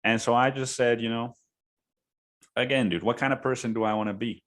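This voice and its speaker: A man's voice: mid-range voice, steady tone, a little fast, a bit bright. A man hosting a podcast, telling a story in a casual, profane way and saying "dude" often. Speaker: podcast host.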